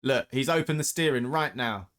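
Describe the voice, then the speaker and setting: A man's voice: medium pitch, normal speed, a bit bright, a little hiss or hum. A man giving blunt, opinionated casual commentary as he reacts to racing clips, often ranting.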